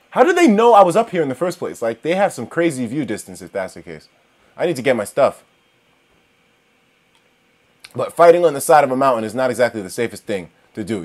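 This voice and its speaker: A man narrating a game run in a lively voice that leaps up and down in pitch. He swears freely, shouts at the monsters on screen, and keeps turning to his viewers to chat about what just happened. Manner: talks straight to viewers. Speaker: gaming commentator. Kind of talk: let's-play commentary.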